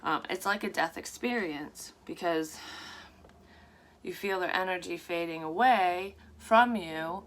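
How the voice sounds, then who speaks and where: In a fairly low, a bit bright voice, a psychic tarot reader speaks a little slowly as she offers viewers a casual, rambling card reading on camera. She's frank and swears freely throughout.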